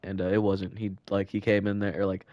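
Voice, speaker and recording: A man's voice: fairly low pitch, flat delivery, fairly quick, a little mellow, dry recording. A teenage boy casually telling school stories on a podcast, rambling and laughing, with lots of fillers and restarts. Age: teens. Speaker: podcast co-host. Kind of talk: casual storytelling chat.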